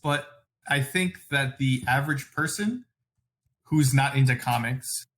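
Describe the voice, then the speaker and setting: A man co-hosting a casual podcast chat, giving blunt opinions and quick apologetic asides. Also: mid-range voice, a bit bright. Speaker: podcast co-host.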